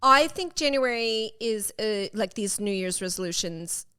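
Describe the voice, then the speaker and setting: A woman co-hosting a casual podcast chat, animated, laughing often and swearing casually. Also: medium pitch, a little slow, clean tone. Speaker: podcast co-host.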